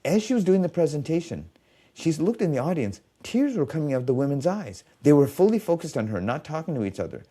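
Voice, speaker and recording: Male podcast guest, mellow voice, lively swinging pitch, tells client stories and acts out the dialogue. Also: fast, husky. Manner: animated storyteller acting out quoted dialogue. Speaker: guest, biofeedback specialist. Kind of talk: storytelling in a podcast conversation.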